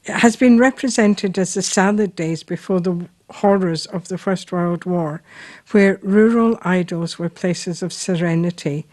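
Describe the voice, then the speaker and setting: Slow-talking Scottish woman host. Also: on the low side, darkish tone, no room sound. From Scotland. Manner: unhurried, hesitant with frequent ums. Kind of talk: casual storytelling and reading aloud.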